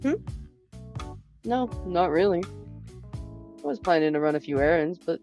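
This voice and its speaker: A woman voicing a calm, polite man who speaks gently and courteously. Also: lowish voice, normal speed, faint music behind, lightly acted. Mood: gentle. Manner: soft-spoken, courteous.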